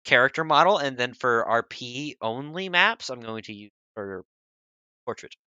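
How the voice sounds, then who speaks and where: Bright, crisp-voiced male game master. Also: mid-range voice, animated, moderate pace, no room sound, lo-fi sound. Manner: chatty, repeats words. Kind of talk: narrating a tabletop game.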